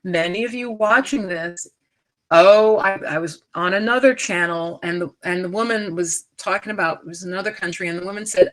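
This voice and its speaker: Woman, middle-aged, US, wellness coach live-streaming; lowish voice, emphatic and conversational. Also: normal speed, fairly bright tone. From United States. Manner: chatty and emphatic, frequent asides and restarts. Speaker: stress coach and yoga teacher.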